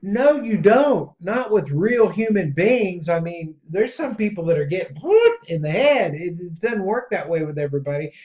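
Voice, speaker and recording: A man hosting a podcast in a casual, rambling monologue that gets excitable. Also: moderate pace, few pauses. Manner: excitable and rambling, jumps between pitches. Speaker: podcast host. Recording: dull lo-fi audio.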